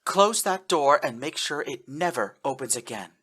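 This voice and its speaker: A man's voice: mid-range voice, animated, moderate pace, bright, forceful tone, breathy edge, pitched above the performer's own voice. A man voicing a firm, serious woman in a read-aloud story.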